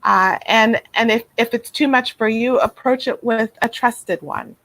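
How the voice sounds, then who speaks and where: A woman speaking as a guest therapist in an interview over a video call, gentle and reflective, with many fillers and restarts. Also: fairly high pitch, a little slow, no echo, poor audio. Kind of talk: casual interview talk.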